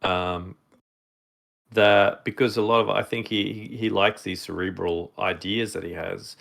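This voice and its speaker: A man's voice: fairly low pitch, fairly even intonation, measured pace, vocal fry, a bit bright. A man co-hosting a podcast in casual chat, rambling with many fillers and restarts. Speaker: podcast co-host.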